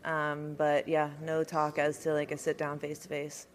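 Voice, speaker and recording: A woman's voice: low-pitched, monotone, moderate pace, a little hiss or hum. A woman, a professional boxer, chatting in a laid-back, dryly joking way in an interview. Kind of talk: casual interview chat.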